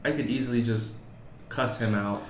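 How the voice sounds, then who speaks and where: A man's voice: medium pitch, normal speed, a crowd in the background. A man, a teacher of young children, chatting casually as a podcast co-host and telling anecdotes with swearing and acted-out voices. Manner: animated storyteller, acts out voices in anecdotes. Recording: echoey room with faint ambience.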